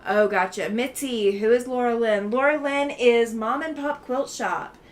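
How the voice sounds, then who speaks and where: A woman's voice: a little high, a little slow. Chatty woman hosting a livestream. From Alabama, US. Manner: chatty and friendly, many ums and easy laughs. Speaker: livestream host. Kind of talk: chatty livestream, reading chat aloud.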